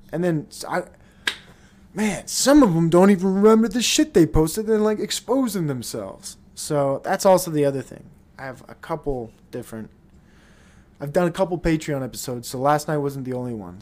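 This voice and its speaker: A man's voice: a little high, darkish tone. A man hosting his own show in a rambling, profane, blunt casual monologue. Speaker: podcast host.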